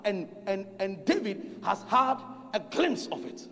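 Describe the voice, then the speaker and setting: High-voiced Ghanaian preacher, animated. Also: male voice, measured pace. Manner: emphatic repetition and call-and-response with the congregation. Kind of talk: sermon. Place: large conference hall. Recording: reverberant hall, faint music behind.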